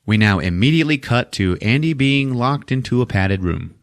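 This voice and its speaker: A man hosting a podcast and recapping a horror movie in a casual, profane, animated way, laughing often. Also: mid-range voice, normal speed, no room sound, studio quality. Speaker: podcast host.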